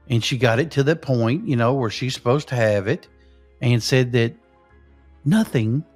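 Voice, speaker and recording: A man in a middle-pitched voice tells a ghost story casually, rambling and looping back with constant fillers. Faint music runs underneath his telling. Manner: rambling, full of "you know" fillers. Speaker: host.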